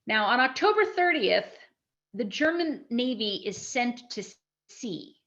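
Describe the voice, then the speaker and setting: A woman with a slightly high voice gives a live history lecture to an audience, speaking a little slowly in a conversational, animated style with frequent restarts. The sound is lo-fi.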